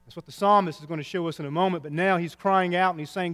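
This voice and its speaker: A man preaching a sermon as pastor, swinging between soft, low lines and loud, raised cries. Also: fast talker, hardly any pauses, in a large hall. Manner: impassioned preaching with big swings in pitch and loudness.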